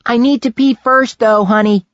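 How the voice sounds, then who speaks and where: A man voicing a young British woman student who is tipsy and dizzy, in a light falsetto. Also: steady tone, normal speed, no room sound, highs cut off.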